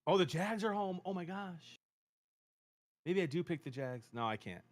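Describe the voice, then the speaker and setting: A man hosting a casual sports chat on a live stream, excitable and full of slangy banter about bets. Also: sits high, moderate pace, no room sound. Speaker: sports show host and streamer.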